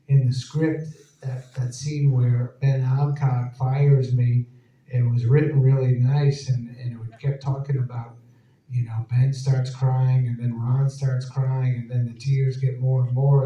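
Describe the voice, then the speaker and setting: A man's warm, medium-pitched voice stays level and moves a little slowly as he laughs through rambling stories to a live audience. He's an actor appearing as a guest at a Q&A in an event hall, storytelling casually on stage. Audio comes from far off, echoey and dull.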